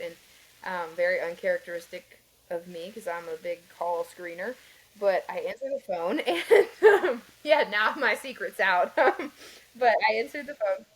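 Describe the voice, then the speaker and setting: On a low-quality recording, a female podcast guest shares her personal story with earnest rambling, many fillers, and small laughs during a conversational interview. Her voice is lowish.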